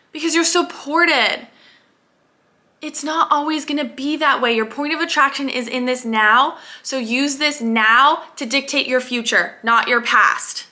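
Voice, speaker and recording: A young woman giving an energetic, emphatic motivational talk as a life coach, repeating phrases for stress. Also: on the high side.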